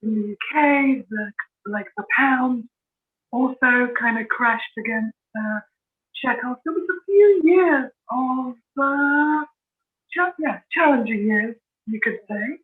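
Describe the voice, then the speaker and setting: A woman's voice: high-pitched, takes it slowly. A woman from London with a British accent, a podcast guest talking about her life in a matter-of-fact way. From London, England. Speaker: guest, author. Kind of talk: casual interview chat. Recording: tinny phone-like line.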